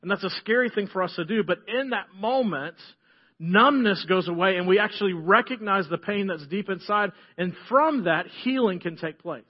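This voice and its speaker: A middle-aged man preaching a sermon as pastor, earnest, often dropping to a soft hush on key phrases. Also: sits high, lively intonation, normal speed, husky, dull audio.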